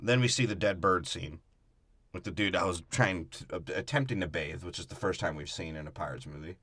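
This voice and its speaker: A man's voice: low voice, a little fast, fairly bright tone, no echo. A man co-hosting a podcast, breaking down a movie in a crude, profane and mocking way. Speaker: podcast co-host.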